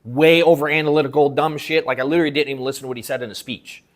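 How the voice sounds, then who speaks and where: A man coaching a live workshop audience on sales, telling a story in casual, slangy, profane speech with animated acted-out quotes. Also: fairly high pitch, racing. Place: event room at an in-person workshop.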